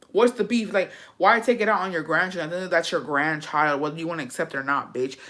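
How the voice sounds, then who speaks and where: Bright-voiced gossiping woman vlogger. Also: low-pitched, brisk, hardly any pauses. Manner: profane, gossipy, animated. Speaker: storytime vlogger. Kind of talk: casual storytime chat.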